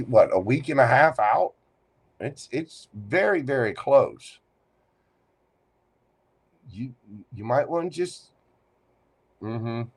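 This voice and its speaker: A man giving a live tarot reading, teasing and playful as he talks straight to the listener. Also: mid-range voice. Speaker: tarot reader.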